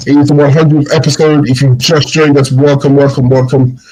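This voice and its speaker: A man's voice: mid-range voice, little pitch movement, a little fast, warm tone, poor audio. A man co-hosting a podcast in casual chat, telling stories animatedly and mimicking slang phrases. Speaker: podcast co-host.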